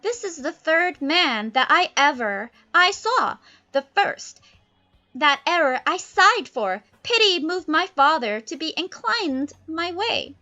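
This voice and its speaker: A woman's voice: sits high, big pitch swings, takes it slowly, pushed and bright, muffled recording, voice pushed up, exaggerated voice. A woman voicing breathless young Miranda. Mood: pleading. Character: young island girl Miranda, earnest and smitten.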